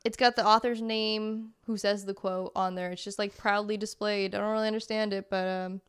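A woman's voice: medium pitch, level tone, a little fast, smooth. A woman from Massachusetts co-hosting a podcast, chatting casually and wryly about odd library books. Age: adult, married. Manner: chatty, wry, reads book blurbs aloud. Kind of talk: casual chat.

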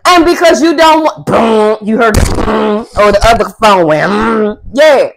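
A young adult woman doing a casual tarot reading, blunt, profane and sassy, with loud emphatic outbursts. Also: a little high, animated, measured pace, creaky, a little hiss or hum, low-quality recording. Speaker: tarot reader.

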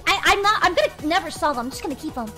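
Young woman streamer, very high, bright and lively voice, rambling chat, faint music behind. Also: racing. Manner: bubbly, rambling, heavy "like" and "freaking". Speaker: livestream host. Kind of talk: casual livestream chat. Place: indoors at home desk.

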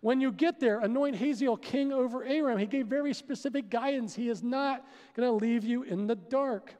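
A man preaching a sermon as pastor, animated and putting questions to his listeners. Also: very high voice, normal speed. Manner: animated, asks the crowd questions. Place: church sanctuary. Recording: long hall reverb.

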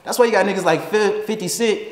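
A man from Houston, a rapper talking in a casual interview, animated and profane and laughing often. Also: sits high, quick pace, reverberant, long reverb tail.

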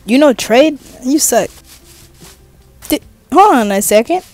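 A woman's voice: sits high, expressive, slow pace, a little mellow, faint music behind. A woman giving casual, jokey commentary while playing a game, chatting to herself and swearing now and then. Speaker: gaming vlogger.

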